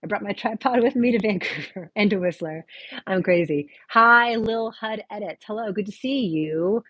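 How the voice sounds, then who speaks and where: A woman with a light Texan accent chats casually on a livestream, reading out viewer questions and answering them with a slightly husky, breathy voice. She talks into a phone on a tripod, and the sound is dry and close, with no room echo. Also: medium pitch, normal speed, a bit bright, muffled recording. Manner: chatty, answers viewer questions aloud, many restarts. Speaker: movie review host.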